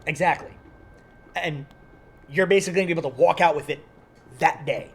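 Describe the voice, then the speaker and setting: A man on a casual podcast, promoting sales and programs in a relaxed, teasing way. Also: on the high side, brisk, vocal fry, breathy edge. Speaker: podcast co-host at an airsoft field.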